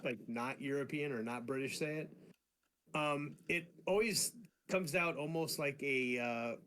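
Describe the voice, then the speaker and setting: A man drawing live on a stream and chatting casually, relaxed and dryly joking. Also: mid-range voice, measured pace. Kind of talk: casual chat.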